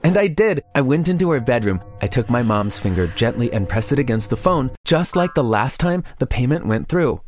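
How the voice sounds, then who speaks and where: A man's voice: mid-range voice, big pitch swings, moderate pace, few pauses, darkish tone, soft background music. A man telling a first-person confession story in scripted narration, earnest in tone.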